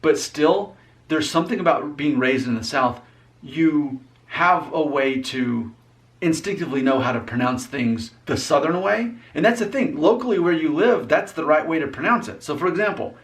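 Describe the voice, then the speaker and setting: A man's voice: on the high side, animated, moderate pace. A young man from Alabama chatting casually as a vlog host, explaining things in an easygoing, rambling and teasing way. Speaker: vlogger host. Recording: voice a little off-mic.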